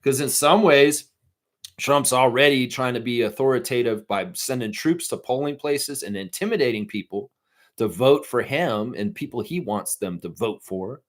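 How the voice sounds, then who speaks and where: A man's voice: mid-range voice, normal speed. A middle-aged man hosting a live fan stream, ranting profanely and reading out chat messages.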